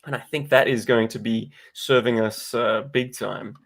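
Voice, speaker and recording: A man's voice: mid-range voice, steady tone, normal speed, a bit bright. A man co-hosting a casual live-stream chat, speaking in long, wordy, presenter-like sentences. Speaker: podcast co-host.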